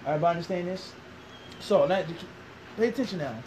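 Fast-talking and high-pitched, with lively intonation, this interviewed Islamic teacher is a man in his thirties from Philadelphia, USA, who has the local accent. The background is noisy, and his interview slides into a lecture in which he asks the room rhetorical questions and repeats his points.

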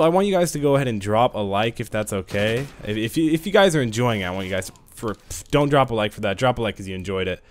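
A young man giving excitable live commentary on a shooter game into a headset, trash-talking and breaking into sudden yells. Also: medium pitch. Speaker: gaming channel host.

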